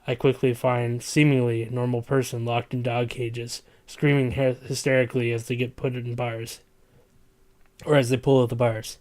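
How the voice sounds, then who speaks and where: A man's voice: medium pitch, flat delivery, normal speed, a little mellow. A man reading a comedic story aloud in a dramatic, stumbling way. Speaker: reader.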